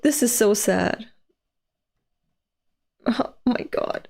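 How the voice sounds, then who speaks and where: A woman's voice: medium pitch, slow, darkish tone. A young woman from Europe, reading a comic aloud and reacting with laughs, gasps and swearing. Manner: swears freely, laughs, gasps and exclaims at the story. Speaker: manga reader reacting on camera.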